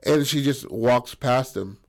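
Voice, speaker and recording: A man's voice: medium pitch, takes it slowly, vocal fry. A young man casually telling a story, rambling and profane, full of fillers.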